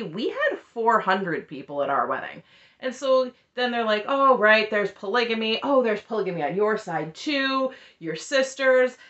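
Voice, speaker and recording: A woman's voice: medium pitch, highs cut off. A woman in her thirties chatting casually and wryly as she retells a reality show. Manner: chatty, wry, lively retelling with quoted voices. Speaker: recap host. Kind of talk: casual chat recap.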